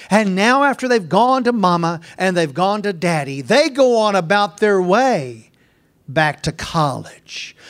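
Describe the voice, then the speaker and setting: A man's voice: sits high, fairly bright tone. A middle-aged man preaching a folksy sermon, acting out family conversations as he goes. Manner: folksy, acts out family dialogue.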